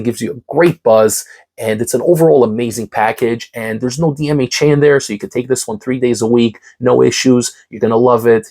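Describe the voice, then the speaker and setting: Husky congested male reviewer, enthusiastic hype style, casual ranking talk. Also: mid-range voice, a little mellow. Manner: enthusiastic, hype-driven, repeats key words. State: congested, recovering from a cough. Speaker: supplement reviewer.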